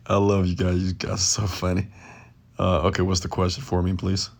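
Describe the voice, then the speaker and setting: A man's voice: sits low, completely flat delivery, moderate pace, vocal fry, darkish tone. A man hosting a late-night live question-and-answer stream from his bed, talking loosely and passionately and often raising his voice. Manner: loose, rambling, off the cuff. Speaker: entrepreneur and mentor, stream host. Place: lying in bed at home at night.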